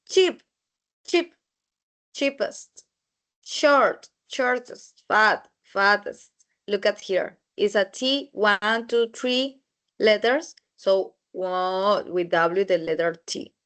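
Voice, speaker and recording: A woman teaching an English grammar lesson in a slow, methodical way, repeating words as she goes. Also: medium pitch, a bit bright.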